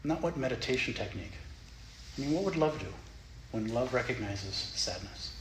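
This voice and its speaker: Zen teacher, male, lively pitch swings, playful; echoey hall with faint ambience. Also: normal speed, background noise. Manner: animated, playful, self-mocking. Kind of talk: dharma talk. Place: meditation hall of a Zen center.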